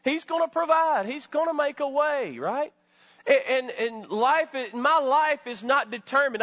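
A man's voice: very high-pitched, bright, forceful tone, dull audio. A middle-aged man preaching a sermon as pastor, full of rhetorical questions and calls to the congregation.

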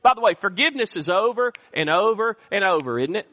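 Male pastor, high voice, call-and-response sermon, reverb of a church hall. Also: animated, quick pace, bright, forceful tone, dull audio. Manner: call-and-response preaching, asks the congregation for amens. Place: church sanctuary.

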